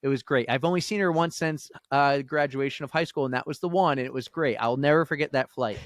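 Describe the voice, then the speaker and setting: A man's voice: mid-range voice, quick pace, no room sound, clean studio sound. A man co-hosting a podcast, telling a long story in a casual chat and acting out the voices of the people in it. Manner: animated storyteller, acts out quoted voices. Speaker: podcast co-host.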